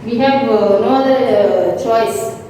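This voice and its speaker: A woman teacher, slowly explaining a grammar lesson and often checking that the class understands. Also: fairly high pitch, dark tone, slight background noise. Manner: slow, repetitive explaining with frequent checks. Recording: echoey hall, mic at a distance.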